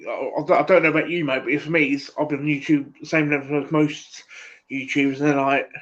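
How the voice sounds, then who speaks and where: A man with an Essex accent chatting casually on a live stream, rambling and halting, full of fillers and calling everyone mate. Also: a little high, fairly even intonation, a bit bright, highs cut off. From England. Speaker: livestream host.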